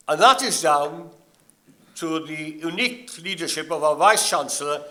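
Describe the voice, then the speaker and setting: An older man giving a graduation address in a slow, measured and anecdotal manner. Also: on the high side, sharp tone. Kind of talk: ceremonial speech.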